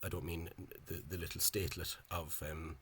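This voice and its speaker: A man explaining spelling in a casual, halting monologue. He is opinionated and often repeats words and fills gaps with hesitations. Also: sits low, little pitch movement, fairly bright tone, a little hiss or hum. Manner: opinionated, dismissive of official spelling. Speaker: language enthusiast explaining spelling.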